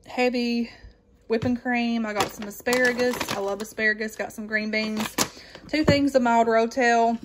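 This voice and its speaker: Slow-talking woman rambling casually. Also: a little high, slight background noise. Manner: rambling with many ums, folksy Southern-style exclamations. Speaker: vlogger showing a grocery haul. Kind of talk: casual chat.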